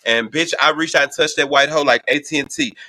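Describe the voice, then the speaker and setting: Man, from Houston, show host, storytime, profane, bright slightly high voice. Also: a little fast, dry recording. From Houston, Texas. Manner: profane, animated, gossipy storytelling. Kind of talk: casual storytime commentary.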